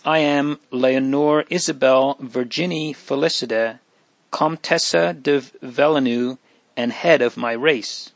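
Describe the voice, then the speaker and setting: A man's voice: mid-range voice, slow pace, vocal fry, no echo. A man reading as a defiant teenage countess. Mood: proud, spirited. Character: proud defiant teenage countess, spirited girl.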